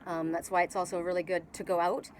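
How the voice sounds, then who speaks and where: A woman's voice: lowish voice, flat delivery, fast talker, a little hiss or hum, rough recording. A middle-aged woman from Canada with a Canadian accent, giving a casual spiritual tarot reading on an outdoor patio and rambling with many restarts and fillers. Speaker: tarot reader.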